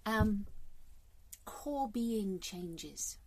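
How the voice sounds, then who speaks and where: A woman's voice: mid-range voice, animated, extremely slow. A woman, talking candidly and rambling a little in a casual vlog monologue, with the odd swear word for emphasis. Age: 50s. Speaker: vlogger.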